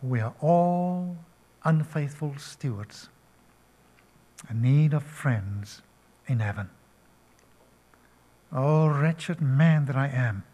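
An older man preaching a sermon, slow and emphatic, asking his listeners questions. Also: mid-range voice, dark tone. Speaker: pastor.

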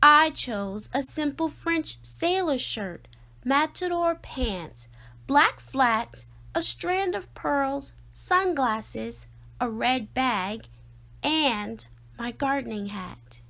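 A woman reading a children's picture book aloud in a slow, expressive, sing-song way. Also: sits high. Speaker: storyteller.

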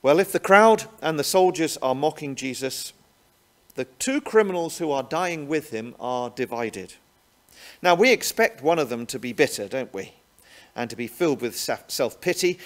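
Male preacher, fairly high voice, very lively pitch, asks the listener rhetorical questions. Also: moderate pace. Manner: animated, rhetorical tag questions. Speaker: pastor. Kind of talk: sermon.

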